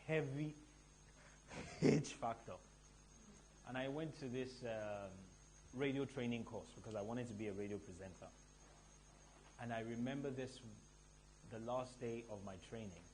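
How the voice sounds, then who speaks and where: A man from Nigeria hosting a live event, telling stories to the audience in an animated, emphatic way from a stage mic. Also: medium pitch, slight background noise. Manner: animated storytelling with a rising, emphatic delivery. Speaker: event host.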